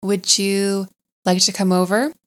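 A woman's voice: mid-range voice, level tone, lightly acted. A woman voicing a cheerful, enthusiastic male water rat in a storybook reading, with a hearty, exclaiming manner. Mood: friendly. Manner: hearty, exclaiming, rapid lists. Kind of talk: storybook character voice.

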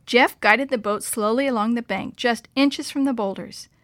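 A woman reads a children's story aloud, clear and expressive. Her voice is on the higher side, and the sound is dry and close with no room echo. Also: moderate pace. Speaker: narrator.

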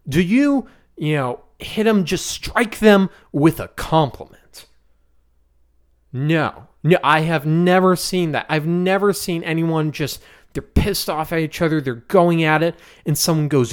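A man hosting a podcast, teaching a Bible passage in a relaxed, conversational way with the odd chuckle. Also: on the high side, a little slow. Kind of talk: casual Bible study teaching.

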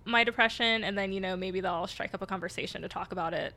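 A woman's voice: mid-range voice, fast talker, pushed and bright. A young adult woman, a guest on a podcast, telling personal stories openly with light self-deprecating laughs. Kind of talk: casual podcast interview.

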